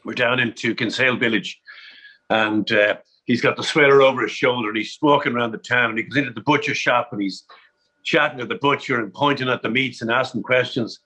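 A man's voice: medium pitch, a little fast, pushed and bright, husky, low-quality recording. An Irish man telling golf anecdotes on a panel in a chatty way, often repeating words as he starts a sentence. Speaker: panel guest. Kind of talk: anecdotal storytelling.

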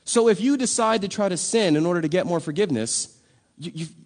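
High-voiced man preaching a sermon. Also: animated, a little fast, darkish tone. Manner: conversational, emphatic preaching with rhetorical questions. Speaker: pastor.

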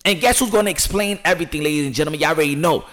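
A man hosting a boxing channel, talking excitably and loudly with lots of slang and repetition before an interview. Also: fairly high pitch, very fast. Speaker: boxing show host. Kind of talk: hyped-up channel talk and interview.

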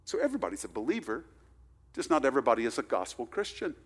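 A man delivers a sermon, leaning hard on key words and then dropping to a near hush. His mid-range voice rings out in a large hall with a long echo trailing behind it. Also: medium pitch, very animated, quick pace, husky. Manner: emphatic preaching, swinging from loud stresses to hushed asides. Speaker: pastor. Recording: reverberant hall recording.

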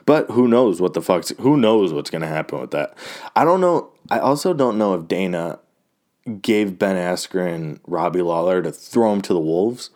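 A man's voice: deep voice, animated, moderate pace, darkish tone. A man giving a loose, rambling and profane recap of fight results, full of fillers and restarts. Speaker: fight fan recapping a card. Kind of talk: casual talk.

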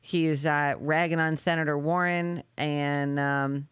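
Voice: medium pitch, little pitch movement, slow, fairly bright tone, smooth, no room sound, studio quality. A podcast host in casual chat, sarcastic and mocking, steering the talk.

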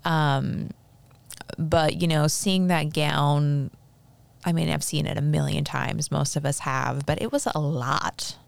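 A woman's voice: deep voice, fairly even intonation, slow, creaky, no echo. A young adult woman hosting a podcast, chatting casually and rambling with lots of fillers. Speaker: podcast host. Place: Fresno, California.

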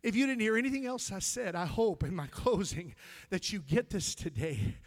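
A male pastor with an American accent telling a personal story in a sermon, dropping to hushed whispers and rising to shouted praise. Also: sits high, animated, normal speed.

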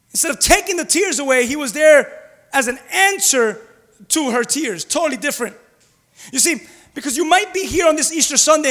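A man preaching an Easter sermon as a pastor, dropping to hushed low passages and rising to loud urgent ones. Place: church. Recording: hall reverb.

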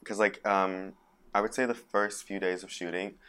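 A man's voice: deep voice, normal speed, smooth. A young man, a poet and actor, chatting as a podcast guest and acting out the voices of people he quotes. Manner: animated, acts out quoted voices of others. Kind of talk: casual interview conversation.

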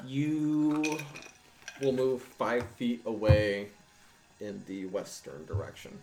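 A man narrating as game master of a tabletop game, unhurried and pausing with ums. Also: mid-range voice, fairly even intonation, background noise.

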